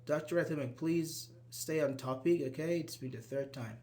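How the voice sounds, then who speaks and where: A man's voice: a little high, normal speed, a little mellow. A man whose first language is Persian, teaching a live online grammar class and explaining step by step while checking in with students. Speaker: English teacher.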